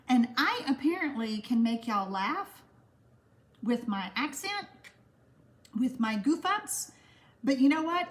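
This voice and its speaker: Lady chatting on a craft livestream, giggly, reads out viewer comments, kinda high voice. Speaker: stamping craft livestream host. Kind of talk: casual livestream chat reading viewer comments.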